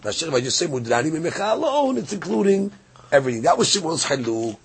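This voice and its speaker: Gravelly-voiced man teaching Talmud. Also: on the high side, sing-song, quick pace, a little hiss or hum. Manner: explains Talmud text by reading Hebrew and Aramaic aloud, then restating it in English. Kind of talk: Daf Yomi Talmud class.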